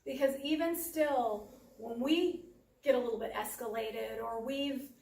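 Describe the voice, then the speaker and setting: Lady running a parenting workshop, kinda high voice, sounds far off in a big echoey room. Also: unhurried, gravelly, darkish tone. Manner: practical, acts out parent and child lines. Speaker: workshop presenter.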